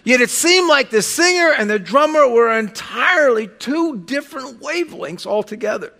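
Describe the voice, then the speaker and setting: A man preaching a sermon as pastor, conversational and animated, with sudden loud bursts and quiet drops. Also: very high voice, moderate pace, gravelly.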